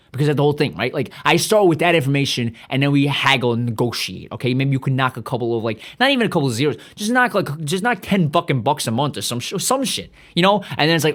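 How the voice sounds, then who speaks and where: A man's voice: medium pitch, lively intonation, very fast. A man hosting a podcast, ranting in a rambling, profane comedic monologue full of restarts. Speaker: podcast host.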